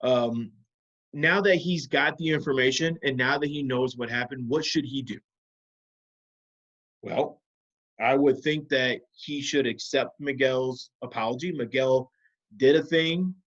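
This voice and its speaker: A man teaching a video lesson to children, patiently walking them through calming techniques with guiding questions. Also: mid-range voice, unhurried, highs cut off.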